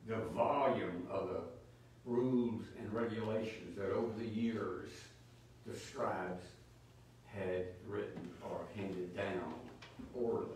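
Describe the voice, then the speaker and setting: A low-pitched man gives an emphatic teaching sermon, throwing rhetorical questions at his listeners. He is picked up from a distance, and his voice rings around a very echoey church. Faint noise hums underneath. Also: darkish tone. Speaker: preacher teaching Bible study.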